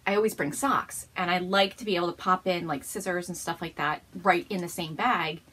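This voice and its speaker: A woman's voice: on the low side, steady tone, fairly quick, fairly bright tone, breathy edge. A woman hosting a casual show-and-tell episode at home, gushing and bubbly, often laughing as she talks. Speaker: podcast host.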